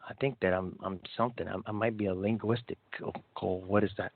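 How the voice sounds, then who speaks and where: A man's voice: sits low, fairly even intonation, fast, creaky. A man hosting a call-in radio show, playful and joking with his co-hosts and callers. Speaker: radio host. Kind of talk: casual chat. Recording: tinny phone-like call-in radio.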